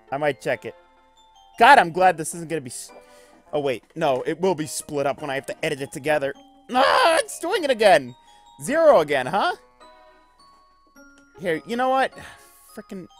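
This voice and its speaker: A man's voice: a little high, animated, fairly quick, soft background music. A man streaming a video game live, joking and self-deprecating as he chats to viewers. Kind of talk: live let's-play commentary.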